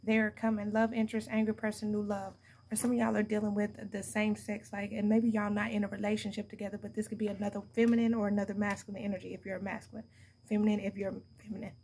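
A woman's voice: mid-range voice, little pitch movement, fast, darkish tone, a little hiss or hum. Blunt, profane woman doing a tarot reading. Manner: blunt, profane, laughs often, talks straight to viewers. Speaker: tarot card reader. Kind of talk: casual tarot reading for viewers.

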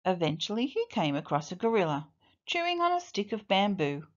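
A woman teacher reading a children's storybook aloud in an expressive, deliberate way. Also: mid-range voice, lo-fi sound.

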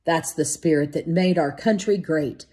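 A woman's voice: sits low, a little slow, dark tone. A woman reading an audiobook voices the wry, sarcastic young man telling the story.

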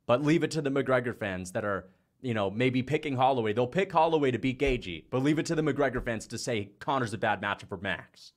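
Fairly quick and mid-range, this young man's voice carries a fight-reaction livestream he hosts. He keeps the talk loose, reads viewer donations aloud, curses frequently and gets carried away in excited bursts.

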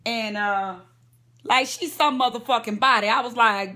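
A woman's voice: on the high side, unhurried, pushed and bright. A woman vlogger lying in bed at home, gossiping about celebrities in a chatty, profane way and talking straight to her viewers. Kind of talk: casual celebrity gossip rant.

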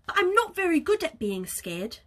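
Woman putting on a prim, high little goose lady. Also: sing-song, moderate pace, sharp tone, full character voice. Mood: polite, puzzled. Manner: sweet, prim, very high and sing-song. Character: polite cheerful female goose, unflappable.

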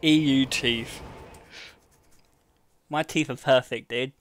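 A man's voice: medium pitch, steady tone, slow pace, slight background noise. A young man with an English accent, streaming a game and chatting casually with crude jokes and lots of swearing. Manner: crude, joking, swears a lot. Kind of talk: casual gameplay commentary.

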